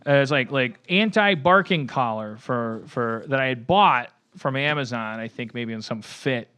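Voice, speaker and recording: A man's voice: medium pitch, normal speed, pushed and bright, clear, resonant tone. A man hosting a podcast, telling a long story in a rambling, self-mocking way with lots of profanity and restarts. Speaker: podcast host.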